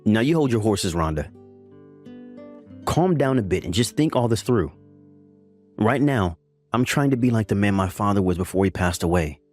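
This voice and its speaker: A man's voice: on the low side, animated, moderate pace, long pauses, a little mellow, soft background music. A man voicing a defensive husband who pretends to be a success, pleading and making excuses, in a text-story dramatization.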